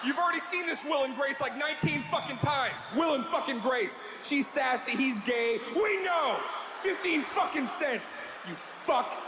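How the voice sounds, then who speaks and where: A man's voice: very high-pitched, lively intonation, unhurried, music in the background, pitched above the performer's own voice. A man voicing a furious, stubbled tough guy in a leather jacket who screams profanities at the viewer. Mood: raging. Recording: roomy live club with crowd noise.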